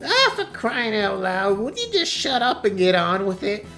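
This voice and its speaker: A man voicing a brash young female thief in a game playthrough, loud and snappy. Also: high-pitched, huge pitch swings, normal speed, soft background music, pitched above the performer's own voice, heavily acted. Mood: fed up.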